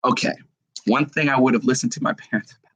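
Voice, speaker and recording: A man's voice: mid-range voice, steady tone, fast, a bit bright, slightly rough, dry recording, low-quality recording. A middle-aged man on a casual live stream, telling personal stories in a heartfelt, emotional way.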